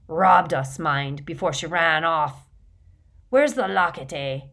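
A woman reading an audiobook voices a drunken, filthy older man who bellows in a rough, slurred dialect. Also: deep voice, slow, fairly bright tone, heavily acted. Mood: drunken, ranting.

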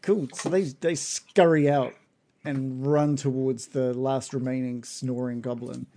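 A man's voice: medium pitch, fairly even intonation, measured pace, warm tone. A man narrating a tabletop fantasy game as game master, rambling with lots of fillers.

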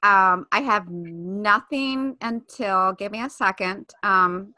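A woman's voice: mid-range voice, slow, sharp tone, dry recording. A woman co-hosting a podcast in casual chat, giggly and upbeat. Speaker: podcast co-host.

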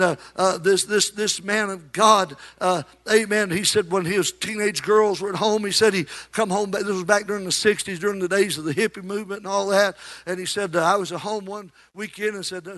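A male preacher delivering a sermon. He swings between shouted exhortation and quiet, conversational storytelling. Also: high-pitched.

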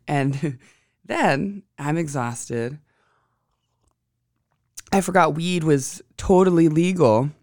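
A woman's voice: very deep voice, clear, resonant tone, no echo, studio quality. A woman hosting an astrology podcast, telling a rambling, chatty story in a casual monologue.

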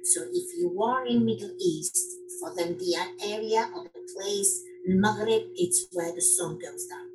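A middle-aged woman from Morocco, a dance teacher talking casually in an interview, animated and full of fillers and restarts. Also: medium pitch, measured pace, few pauses, over music, rough recording.

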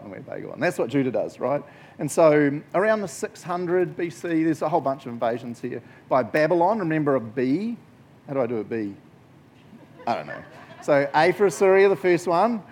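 Jokey man teaching the Bible. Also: a little high. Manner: jokey, conversational, animated storytelling. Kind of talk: casual Bible teaching to a group.

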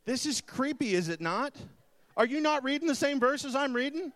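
A man's voice: very high voice, lively intonation, moderate pace, a bit bright. A man preaching a sermon to a live congregation, teasing the audience with jokes between his points. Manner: playful, joking asides to the audience. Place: church hall with an audience.

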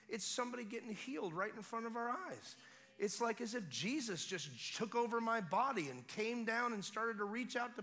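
A man preaching at a revival service, telling a story with swings between hushed quiet and loud excitement. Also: high-pitched. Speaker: guest preacher. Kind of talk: sermon testimony. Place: church service.

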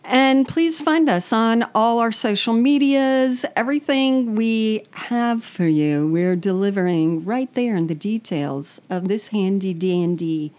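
A woman co-hosting a podcast in casual banter, teasing and sarcastic with a deadpan edge. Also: mid-range voice, measured pace, few pauses. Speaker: podcast co-host.

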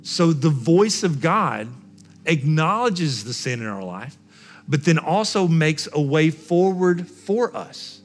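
A man's voice: fairly high pitch, big pitch swings, slow. A male pastor preaching a sermon, speaking emphatically and repeating phrases for effect.

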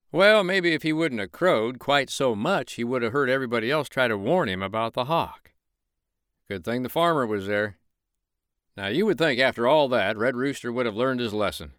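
A man's voice: medium pitch, lively intonation, normal speed, fairly bright tone, smooth, dry recording, clean studio sound. Folksy male bedtime storyteller. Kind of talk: storybook narration.

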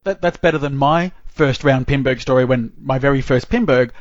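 A man co-hosting a podcast, reading trivia questions in a deliberate, drawn-out way. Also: medium pitch, no room sound. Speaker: co-host and quizmaster. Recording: dull, dry lo-fi remote audio.

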